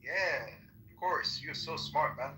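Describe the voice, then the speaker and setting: A man's voice: on the high side, slow pace, pushed and bright. A man on a phone call, dismissive and mocking, repeating that he doesn't care. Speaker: prank call target. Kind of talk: heated phone argument.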